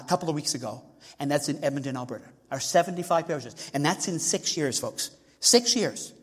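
An older man preaching a folksy sermon on giving, calling on people in the pews by name. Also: a little high. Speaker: visiting bishop's envoy preaching on tithing. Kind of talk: sermon with audience participation. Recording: long church reverb.

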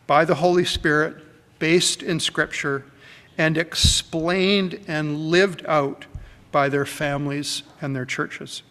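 A man preaching a sermon to a church congregation, emphatic and deliberate, stretching his phrases. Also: on the high side, bright, forceful tone. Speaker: pastor. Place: church sanctuary. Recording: long hall reverb.

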